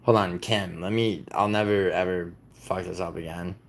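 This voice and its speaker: A man's voice: low voice, steady tone, normal speed, vocal fry, a little hiss or hum. A young man from the United States hosting a casual livestream, rambling and teasing his viewers as he reads comments aloud. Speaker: livestream host.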